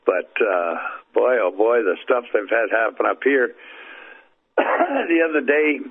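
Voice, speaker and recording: A man from Canada, a phone-in guest on a radio show, talking in a relaxed, folksy way. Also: medium pitch, a little slow, slightly rough. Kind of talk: relaxed conversational telling. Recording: tinny phone line.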